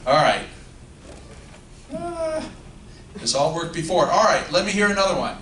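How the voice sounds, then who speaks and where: Speaking unhurriedly in a high-sitting voice with wildly swooping pitch, a lawyer addresses a luncheon crowd live, cracking self-deprecating jokes and asking them questions. The recording is roomy and distant, with background noise from the function room.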